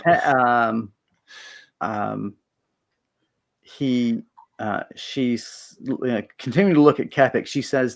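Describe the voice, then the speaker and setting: A male game master narrates a fantasy tabletop game in a middle-pitched voice. He talks in a chatty way and pauses often with fillers. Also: vocal fry.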